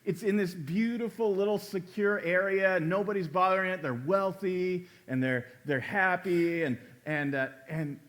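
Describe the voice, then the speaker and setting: A male pastor preaching a conversational sermon in a church, acting out quoted lines with sudden jumps in pitch and loudness. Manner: conversational preaching, acts out quoted dialogue with big pitch swings.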